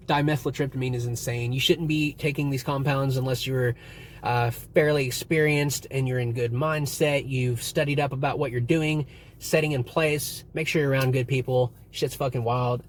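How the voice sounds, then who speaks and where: Here a young man at medium pitch and normal speed rambles through a casual on-camera story, swearing often and retelling it with energy. There's slight background noise behind him.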